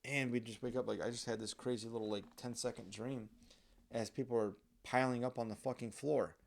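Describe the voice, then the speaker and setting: A man's voice: medium pitch, fairly even intonation, fairly quick, gravelly. A young man, host of his own show, telling candid stories in a rambling, profane, casual monologue. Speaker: podcast host.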